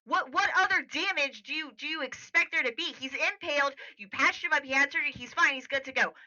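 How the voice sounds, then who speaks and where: A woman's voice: mid-range voice, measured pace, muffled recording. A woman voicing a young man in a tabletop game, the patient's brother, who curses in frustration. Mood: exasperated. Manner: shouting, cursing, exasperated.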